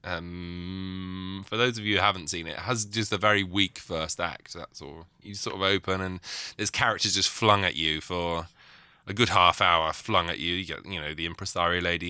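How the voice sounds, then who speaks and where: A man's voice: low-pitched, fairly even intonation, moderate pace, bright, forceful tone, smooth, no echo. A man on a video call as a podcast guest, blunt and rambling, laughing as he talks about a film. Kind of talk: casual chat over a video call.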